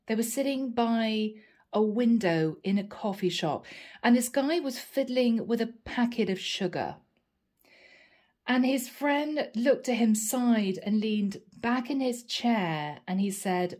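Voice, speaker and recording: A woman's voice: on the high side, unhurried, dark tone. A woman giving a chatty channeled tarot reading, thinking aloud and tentative. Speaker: psychic tarot reader.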